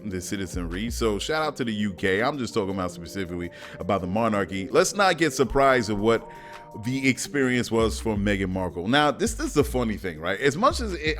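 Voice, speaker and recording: A man hosting his own podcast and riffing in loose, slangy, casual commentary. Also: mid-range voice. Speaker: podcast host.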